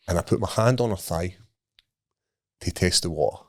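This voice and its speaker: This Scottish podcast co-host has a low, expressive voice and speaks at a normal speed. He tells a casual, sweary anecdote, laughing along and doing voices for the people in it.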